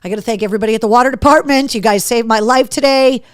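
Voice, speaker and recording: Lively foul-mouthed lady host, kinda high voice, dry sound, chatting with viewers. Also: racing, clear, resonant tone, no echo. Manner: animated, profane storytelling. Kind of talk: live show chat reading viewer comments.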